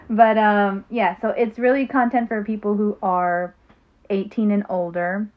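A woman's voice: mid-range voice, steady tone, unhurried. Chatty woman podcaster on a tinny phone. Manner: chatty, laughs often, trails off with ums. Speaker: podcast co-host. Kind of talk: casual chat. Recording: phone-like narrow sound.

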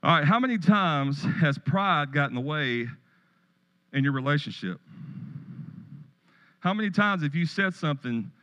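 A man's voice: a little high, lively intonation, moderate pace, long pauses, a bit bright, lo-fi sound. A middle-aged man pastor preaching a sermon, telling stories and joking with the congregation in a church. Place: church sanctuary.

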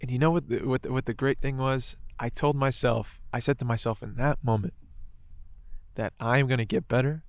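A man's voice: medium pitch, fairly even intonation, moderate pace, no room sound. A man telling a moving personal story in casual conversation, swearing often and filling his talk with "like" and "right". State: choked up.

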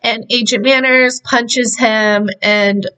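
Her voice is fairly high, smooth and sharp-toned, with fairly even intonation and a slow pace. As a podcast host, this woman casually recaps a film in a rambling, profane way, leaning heavily on "like".

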